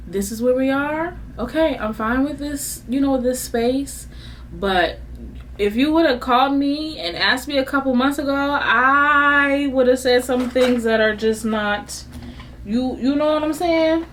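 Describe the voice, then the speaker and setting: A woman in her thirties venting in a candid casual chat, swinging between low subdued lines and high exasperated bursts, laughing through her frustration. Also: fairly bright tone, slight background noise. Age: 30s. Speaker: vlogger.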